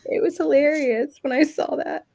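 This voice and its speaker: A woman's voice: high voice, fairly even intonation, moderate pace, gravelly, mellow. A middle-aged woman co-hosting a livestream, chatting casually with rambling asides and frequent laughs. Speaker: livestream co-host. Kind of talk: casual chat.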